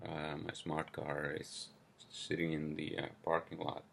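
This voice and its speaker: A man's voice: very deep voice, level tone, unhurried, gravelly, a bit bright, slight background noise. A man hosting a solo podcast, venting in a casual, profane, frustrated rant. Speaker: podcast host.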